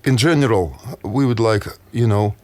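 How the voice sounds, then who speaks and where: A man interviewing for a rock radio station, speaking English as a Russian native with halting, careful phrasing. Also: lowish voice, darkish tone.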